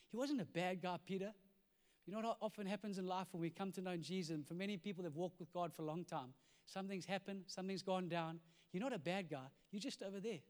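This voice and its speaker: A man preaching a sermon as pastor, telling the story in an animated way and swinging from loud to hushed. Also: high voice. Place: church hall. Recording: reverberant church hall.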